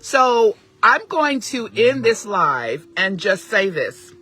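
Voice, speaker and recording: A middle-aged woman speaks into her phone on a live stream, her voice bright and forward. The room sound is dry and close. She talks earnestly and with emphasis, often restarting her sentences mid-thought. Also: medium pitch, husky, no room sound. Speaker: parent advocate streaming live. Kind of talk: casual live-stream talk.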